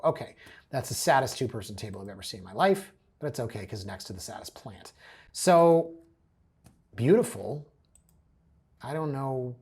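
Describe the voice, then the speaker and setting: A man with a husky, slightly breathy voice talks viewers through house listings in a loose, chatty way. He keeps dropping wry, joking asides as he goes. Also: mid-range voice, darkish tone. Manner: chatty, addresses viewers directly. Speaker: real estate agent host. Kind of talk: casual commentary over listing photos.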